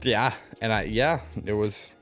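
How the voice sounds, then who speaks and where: A young man with a fairly low voice, co-hosting a relaxed podcast. He teases his friend and keeps the chat moving with quick questions. Soft music sits faintly behind him. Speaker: podcast co-host. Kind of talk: casual chat.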